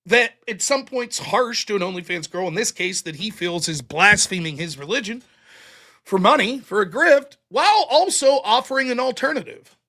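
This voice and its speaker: A man's voice: high voice, bright, forceful tone. A man hosting a livestream commentary show, talking bluntly and swearing freely. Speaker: host.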